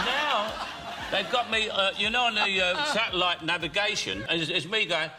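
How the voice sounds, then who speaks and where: An older man with a London Cockney accent chats on a talk show, pitched fairly high and unhurried. He mocks himself good-naturedly between laughs, over loud audience noise in a live studio. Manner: laughing self-mockery. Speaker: guest. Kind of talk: casual chat on a talk show.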